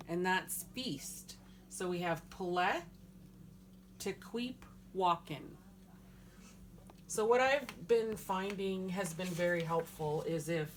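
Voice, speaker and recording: A woman's voice: on the low side, noisy background. A woman teaching a language lesson, sounding words out syllable by syllable with patient explanations. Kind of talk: slow pronunciation lesson.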